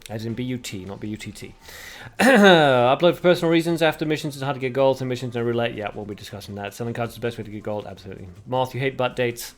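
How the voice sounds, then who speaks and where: A man's voice: mid-range voice, fast. A young man hosting a casual gaming livestream at home on a desk mic. He chats with viewers, reads their comments aloud and laughs at his own puns. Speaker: livestream host.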